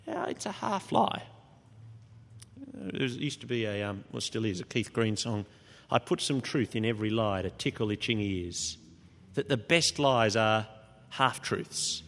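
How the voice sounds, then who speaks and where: A man preaching an expository sermon, changing his pitch and loudness for emphasis. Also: expressive, moderate pace. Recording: long hall reverb.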